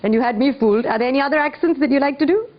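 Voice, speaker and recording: High-voiced woman hosting a spelling contest. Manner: clear, measured, encouraging. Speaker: quiz host. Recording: dull lo-fi broadcast audio with faint music.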